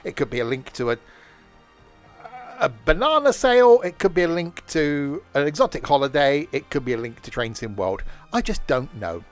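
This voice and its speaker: Animated man rambling on a stream. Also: a little high, moderate pace, soft background music. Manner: rambling, jokey, loses his thread. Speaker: streamer host. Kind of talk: casual live-stream chat.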